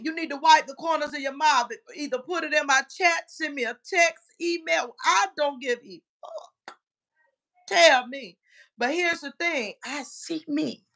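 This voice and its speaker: Brash, profane woman livestreamer, higher voice. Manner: brash and profane, frequent shouting. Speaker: livestream host reading chat. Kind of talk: casual livestream chat.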